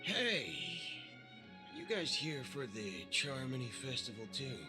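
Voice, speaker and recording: A man's voice: medium pitch, very animated, slow, music in the background. A man voicing a wisecracking, impatient young traveler in a game dub. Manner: sarcastic, mild fake swearing.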